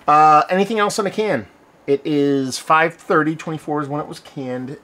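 A man's voice: mid-range voice, a bit bright, slight background noise. A man hosting a casual beer review video, talking in a loose, rambling way and often correcting himself mid-sentence. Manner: rambling, conversational, self-correcting.

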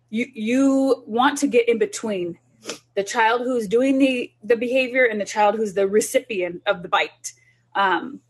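A woman's voice: mid-range voice, husky. A woman who is a child development specialist, talking parents through a group session in an earnest, instructive way.

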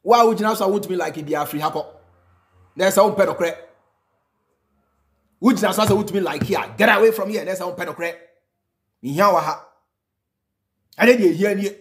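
Ghanaian male reaction host, high register, emphatic and repetitive delivery. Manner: emphatic, mixing in snatches of singing and laughter, repeating lines for effect. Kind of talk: animated reaction commentary.

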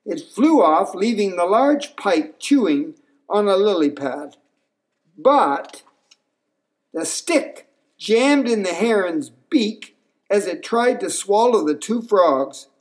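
A man reading a children's storybook aloud, slow and unhurried. His voice moves through a wide, lively pitch range as he tells the tale.

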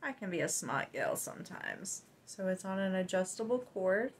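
A woman's voice: mid-range voice, big pitch swings, slight background noise, low-quality recording. A woman vlogger chatting casually and gushingly as she unboxes gifts. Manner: warm, gushing, unhurried.

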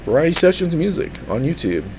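A man's voice: a little high, big pitch swings, a little fast, a little mellow, a little hiss or hum, poor audio. A man streaming from a tablet, a musician who rambles casually, jokes around and keeps slipping into silly voices. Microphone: tablet mic.

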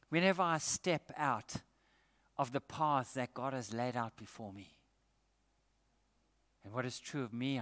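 Bright-voiced pastor preaching. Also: male voice, mid-range voice. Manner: earnest, emphatic preaching. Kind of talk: sermon. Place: church. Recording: echoey church hall.

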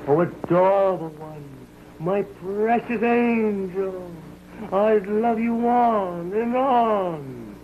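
A man's voice: high voice, lively intonation, extremely slow, exaggerated voice. An actor playing a pompous, clumsy romantic leading man who speaks in grandiloquent, overblown declarations. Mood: grandiose. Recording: tinny 1920s film soundtrack with hiss.

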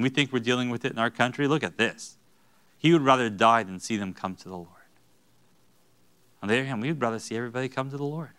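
A man preaching a sermon as pastor, animated, with joking asides and acted-out quotes. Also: mid-range voice. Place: church sanctuary.

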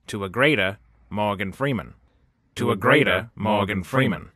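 A man doing a solemn, deep-toned hive-mind creature that speaks in slow, grave pronouncements, as if announcing a prophecy. The voice sits low and bright-edged, recorded very dry and close with no room sound. It plays as a comic meme voice-over. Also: husky, dry recording.

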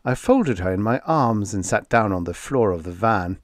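A man reading a vintage science fiction story aloud as scripted first-person narration, with expressive, unhurried storytelling. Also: lowish voice, dry recording, studio quality. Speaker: audiobook narrator.

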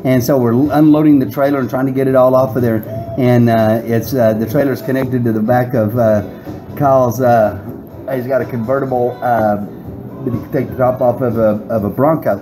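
A man's voice: medium pitch, fairly even intonation, normal speed, music in the background, poor audio. A middle-aged man telling a long, rambling story in casual chat, often laughing. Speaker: guest.

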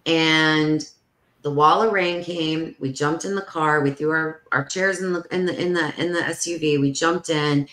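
Appearing as a podcast guest, a woman with a low voice tells a story at normal speed in a casual, animated way, peppering her speech with "like" and acting out the characters' voices. The recording has a roomy echo.

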